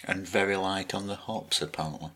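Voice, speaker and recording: Deep voiced podcast guy, keeps stammering and restarting, argues his point. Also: fairly even intonation, a little fast, sharp tone. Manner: stammering restarts, earnest and argumentative. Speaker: podcast co-host. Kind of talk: casual chat.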